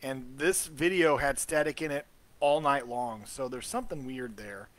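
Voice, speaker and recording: A man's voice: medium pitch, normal speed. A man hosting a casual live commentary over ghost-hunt footage, chatty and trailing off with fillers. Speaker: host.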